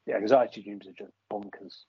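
A man's voice: on the low side, steady tone, a little fast, husky, no room sound. A man co-hosting a podcast over a video call, agreeable and hesitant, often restarting his sentences. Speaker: podcast co-host. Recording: dry lo-fi video call audio.

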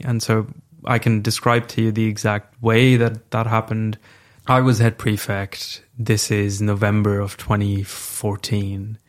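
A young man telling a personal story as a podcast guest, frank and reflective, swearing casually. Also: fairly low pitch.

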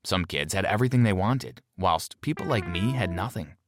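A man narrating a first-person story in a measured, plain storytelling manner. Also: sits low, expressive, background noise. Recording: music bed underneath.

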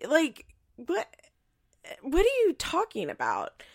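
A woman's voice: high voice, huge pitch swings, slow. A woman giving casual, opinionated commentary as she recaps a reality TV show, with a chatty manner full of "like" and the odd swear word. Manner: chatty and opinionated, heavy use of "like", occasional swearing.

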